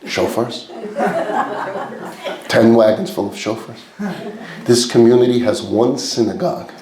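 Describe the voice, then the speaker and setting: A man preaching as a rabbi, telling a story in an animated way and acting out its characters. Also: mid-range voice, moderate pace, crowd noise. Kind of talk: storytelling sermon. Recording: roomy echo.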